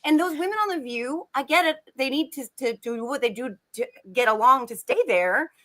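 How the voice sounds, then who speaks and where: A woman's voice: high-pitched, normal speed, pushed and bright. A woman co-hosting casual political chat, emphatic and indignant. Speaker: podcast co-host.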